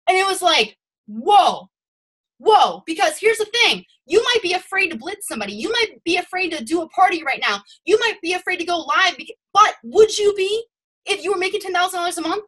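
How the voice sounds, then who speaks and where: Bright rambling young woman on video call. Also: very high voice, a little fast. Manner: rambling and animated, admits to ranting. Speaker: sales team leader. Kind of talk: motivational team talk on a video call.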